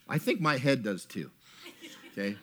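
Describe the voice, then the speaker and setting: A man preaching a sermon in a tent to a gathered audience, retelling a Bible story with animated asides and acted-out lines. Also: medium pitch, normal speed. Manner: animated storytelling, acts out characters.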